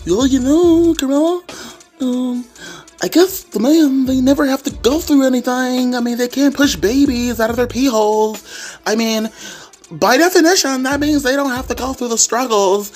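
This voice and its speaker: A man voicing a mocked young woman, whiny and self-pitying, in a high put-on voice. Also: moderate pace, darkish tone, faint music behind. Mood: mocking whiny.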